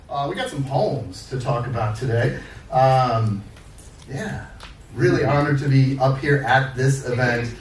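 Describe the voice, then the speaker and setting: A man's voice: mid-range voice, measured pace. A man, the featured poet, chatting casually with the audience between poems, friendly and laughing with lots of fillers. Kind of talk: casual banter at an open mic. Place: live open mic at a studio. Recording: roomy, distant mic, faint room noise.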